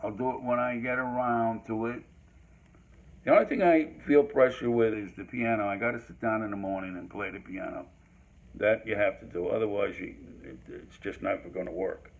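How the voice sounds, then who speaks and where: An older man with a voice on the low side hosts a history talk at a moderate pace. His solo monologue rambles, full of fillers and restarts, in a dull lo-fi recording.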